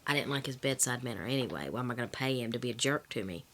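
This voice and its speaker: A woman talking candidly to camera in a personal vlog, rambling and correcting herself, with a slight cough and throat-clearing. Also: rumbling low, expressive, rapid-fire, slight background noise. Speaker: vlogger.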